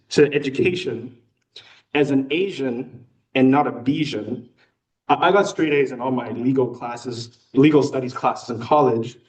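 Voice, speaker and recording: A man in his thirties from Hong Kong with an American accent delivers a prepared talk to a club. He pokes fun at himself between "uh"s, at a middle pitch. The microphone sits well away from him in a meeting room. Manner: self-deprecating humor, occasional filler words. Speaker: new club member giving a talk. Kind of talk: prepared personal speech. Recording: voice picked up from a distance.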